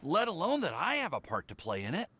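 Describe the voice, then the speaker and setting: A man's voice: a little high, wildly swooping pitch, fast, sharp tone, a little hiss or hum, heavily acted. A stammering lovestruck young man. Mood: flustered. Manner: stammering, flustered. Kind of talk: game voice acting.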